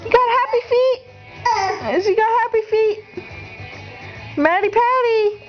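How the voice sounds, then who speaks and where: High-pitched mother cooing baby talk. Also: measured pace. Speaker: mother filming her baby. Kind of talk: home video baby talk. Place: home, indoors. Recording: dull lo-fi home video with music behind.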